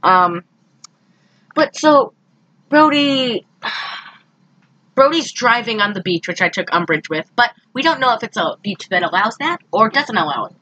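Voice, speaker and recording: A woman co-hosting a casual podcast, recapping a movie in an animated, exasperated way. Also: fairly high pitch, a little slow, long pauses, dull audio. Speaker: podcast co-host.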